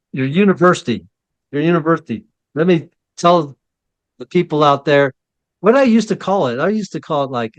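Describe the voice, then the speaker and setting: A man hosts a casual interview, his voice sitting a bit high for a man. He rambles and trips over his words, laughing at himself. The sound is close and dry, with no room around it. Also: no echo. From Ohio, USA. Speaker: host.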